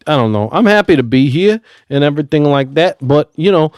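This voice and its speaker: A man guesting on a podcast, laid-back with deadpan jokes in casual chat. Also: fairly high pitch, fairly quick, no echo, studio quality. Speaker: podcast guest, punk musician.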